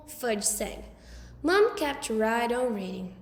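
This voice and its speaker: A woman with a high voice reads a children's story aloud with lively expression. Her voice rings out in a roomy space with a long reverb tail. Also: takes it slowly. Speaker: audiobook reader. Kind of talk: storybook narration.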